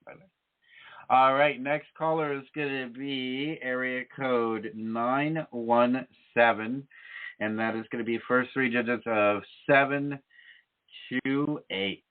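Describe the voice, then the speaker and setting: A man hosting a psychic call-in radio show, speaking in a calm, measured way and often checking in with "okay?". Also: mid-range voice. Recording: phone-like radio audio.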